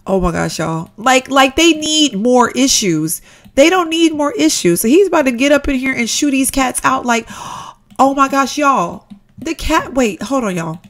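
A woman giving casual, chatty commentary while playing a life-simulation game, excitable and addressing viewers as "y'all". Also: sits high, a little slow. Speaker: Sims let's-play creator.

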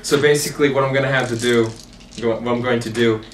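A man's voice: mid-range voice, steady tone, fast talker, a little hiss or hum. A man playing a tabletop game, hesitant and searching for words as he talks. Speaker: player. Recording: echoey room, far mic.

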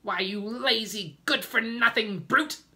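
A screeching, spiteful old aunt. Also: male voice, high-pitched, unhurried, sharp tone, pitched above the performer's own voice, full character voice. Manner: screeching, snapping, scornful. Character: shrill cruel skinny old aunt. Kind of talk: storybook read-aloud.

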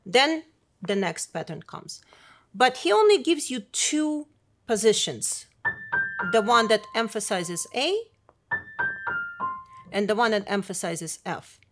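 A middle-aged woman teaching piano in a clear, demonstrative way, her voice sitting at an ordinary middle pitch. Piano playing rings out clearly behind her as she explains. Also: sing-song, slow, long pauses, a bit bright. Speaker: piano professor. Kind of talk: instructional video lesson.

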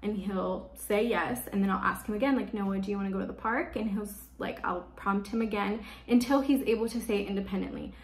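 Talking a little fast with few pauses, this woman has a medium-pitched, creaky voice. She's a parenting vlogger sharing tips to the camera, chatty and casual, often filling gaps with "like." Her recording has an echoey room sound.

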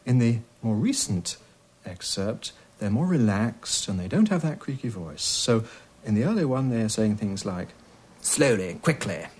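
A man, an expert on British accents, explaining speech changes in a measured way while demonstrating vowel sounds. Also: fairly low pitch, big pitch swings, darkish tone, slightly rough. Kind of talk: explanatory interview talk.

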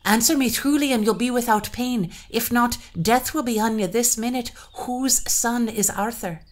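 Woman voicing a young bride, stern, commanding, raised pitch. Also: normal speed, natural voice.

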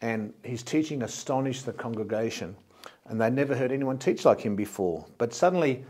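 A man's voice: medium pitch, lively intonation, a little fast, darkish tone, breathy edge. A man from Australia, a pastor, preaching a sermon in a plain, explanatory way and often repeating words as he goes.

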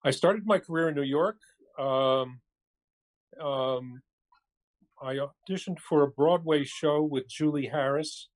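A man's voice: a little high, slow pace, pauses often. Older man, easygoing and wry. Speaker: actor guest. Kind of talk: casual interview chat. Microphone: cell phone.

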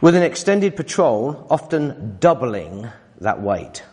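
Husky preacher in a reverberant hall. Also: male voice, slow. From United Kingdom. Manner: animated, teasing, emphatic, with lively pitch swings and laughs. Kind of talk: sermon.

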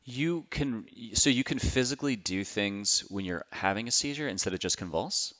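A man's voice: lowish voice, animated, normal speed, a bit bright. A man hosting a casual podcast interview, asking long, rambling questions. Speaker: podcast host.

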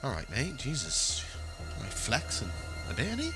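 A man's voice: mid-range voice, wildly swooping pitch, moderate pace, bright, forceful tone, faint music behind. A man doing let's play commentary, jumpy, wisecracking and swearing. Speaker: gaming YouTuber.

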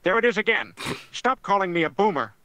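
A man's voice: high-pitched, sing-song, brisk, pushed and bright, dry recording, highs cut off, full character voice. A text-to-speech voice playing a grumpy older man who scolds and bosses people around. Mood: annoyed. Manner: scolding, bossy and easily annoyed. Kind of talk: text-to-speech chatbot character.

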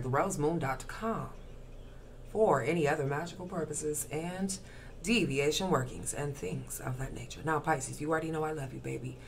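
A woman's voice: sits low, fairly bright tone, a little hiss or hum. Brash, profane woman tarot reader. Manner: brash, profane and slangy, with rapid rhythmic lists; smoking and crunching ice while talking. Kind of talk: casual tarot reading to camera.

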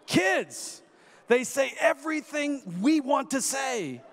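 A man in his thirties preaches with a high, lively voice that carries through a long, echoing hall reverb. He tells stories animatedly, acting out voices and building to shouts. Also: drawn-out words. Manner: animated storyteller who acts out quoted voices and rises to shouts. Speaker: guest preacher. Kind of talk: sermon with personal storytelling.

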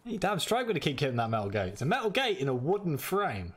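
A man's voice: a little high, sing-song, fast talker, breathy edge. A man hosting a casual gameplay chat, full of joking, self-mocking banter. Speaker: gaming channel host.

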